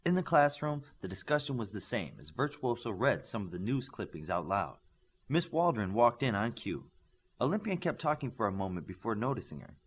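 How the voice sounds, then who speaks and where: A man reading a novel aloud as an audiobook narrator, raising his voice for dialogue and dropping low for the speech tags. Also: big pitch swings, brisk, husky. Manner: lifts pitch and volume for dialogue, drops low for tags.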